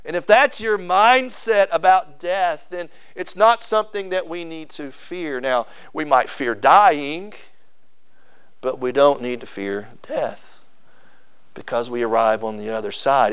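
A man's voice: mid-range voice, animated, a little slow, smooth, phone-quality sound. Guy preaching, folksy, keeps repeating lines for punch, sounds thin like a phone recording. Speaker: pastor. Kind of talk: sermon.

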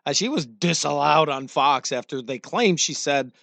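A man's voice: a little high, animated, normal speed, gravelly, a bit bright, dry recording. A man co-hosting a casual talk radio chat, wry and sarcastic. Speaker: radio co-host.

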